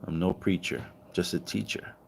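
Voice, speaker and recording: A man giving a casual livestream monologue, animated and profane, firing off rhetorical questions and acting out quoted voices. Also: moderate pace, creaky, slight background noise. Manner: acts out quoted voices with higher pitch. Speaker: online commentator.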